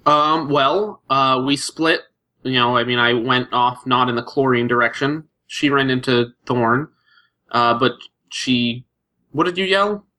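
A man playing a tabletop game, deliberately explaining what his character does. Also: medium pitch, fairly even intonation, sharp tone. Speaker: player.

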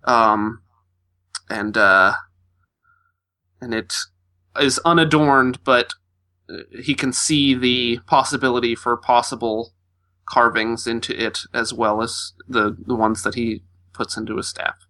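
Male player, bright tone, mid pitch, meandering casual talk. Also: fairly even intonation, takes it slowly, pauses often. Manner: thoughtful, fillers and hedging. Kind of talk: describing his character's item, casual.

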